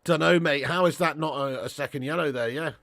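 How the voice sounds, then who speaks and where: A man's voice: on the high side, a little fast, a bit bright, no room sound. A young man hosting a casual live watch-along, reading chat and bantering with viewers as lad and mate.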